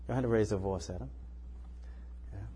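A preacher in a small church delivers his sermon in a folksy, conversational style, sprinkling in "you know" and "you see." His lowish, husky, slightly breathy voice is mellow and fast, carried by a long hall reverb like a sanctuary.

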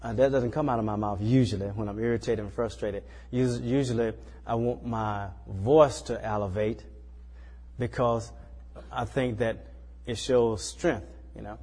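A man's voice: lowish voice, fairly even intonation, unhurried, a little mellow, big-room sound. A man preaching a sermon in a small church, talking in a loose, conversational way and often checking in with the listeners. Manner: conversational, folksy, repeats tag questions like "you know".

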